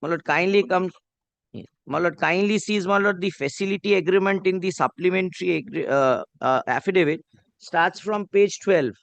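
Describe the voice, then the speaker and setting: Here the pitch sits high, the pace is moderate, and there's vocal fry with no echo. He's a Bengali-accented Indian English speaker making a courtroom legal argument before a judge, deferential throughout, reading clauses aloud and repeating "my lord" constantly.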